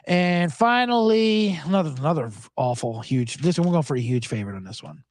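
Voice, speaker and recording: A male podcast host riffs on his picks in an animated, sarcastic way and swears freely. His pitch swings widely, and the dry recording has no room sound. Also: fairly quick, no echo. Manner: animated, sarcastic, profane, laughs often. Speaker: sports betting podcast host. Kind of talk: casual solo podcast talk.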